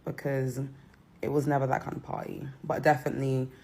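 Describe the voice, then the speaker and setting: A young woman from Britain giving a candid, hesitant apology with many pauses. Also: rumbling low, level tone, darkish tone, a little hiss or hum. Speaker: reality show contestant. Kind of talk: apology statement.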